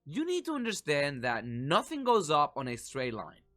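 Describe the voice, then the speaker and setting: A man casually walking viewers through market charts, animated and talkative, acting out the panicked reactions of others. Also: on the high side, normal speed. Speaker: market commentary vlogger.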